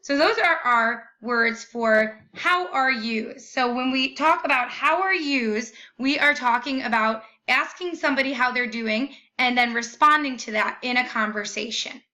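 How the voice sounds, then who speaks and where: A young woman teacher giving a recorded lesson, slowly and carefully modeling each phrase. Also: a little high, bright, forceful tone.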